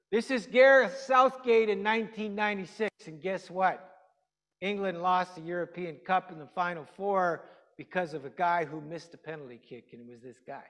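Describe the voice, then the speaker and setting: A man's voice: high voice, fairly bright tone. A man preaching a conversational sermon, chatty and quizzing his congregation with questions. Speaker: pastor. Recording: long hall reverb.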